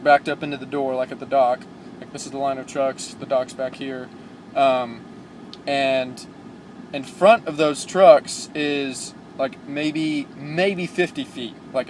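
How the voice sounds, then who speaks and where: A young man, a new truck driver, telling stories in a casual, rambling vlog, full of fillers and excited asides. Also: mid-range voice, a little hiss or hum.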